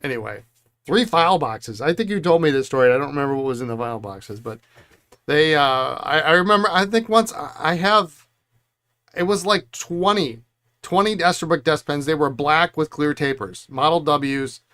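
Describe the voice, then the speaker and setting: A man's voice: on the high side, normal speed, sharp tone. A middle-aged man hosting a pen repair stream, rambling through stories and chuckling often. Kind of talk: casual chat while working.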